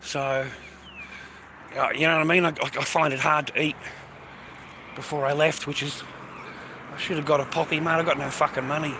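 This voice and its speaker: A man's voice: on the high side, flat delivery, normal speed, long pauses, background noise. A middle-aged man, rambling and swearing while livestreaming on a phone, tired and coughing. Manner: swearing, rambling, calls listeners mate. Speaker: live streamer. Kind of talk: rambling casual livestream chat.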